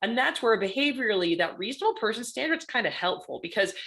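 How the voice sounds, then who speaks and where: A woman's voice: a little high, sing-song, quick pace, a bit bright. A woman giving a conversational presentation as a guest panelist, often checking in with "right?". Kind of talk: presentation talk.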